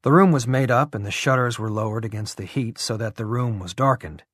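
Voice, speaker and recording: A man's voice: mid-range voice, a little fast, breathy edge, no echo, clean studio sound. Man narrating an audiobook. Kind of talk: scripted narration.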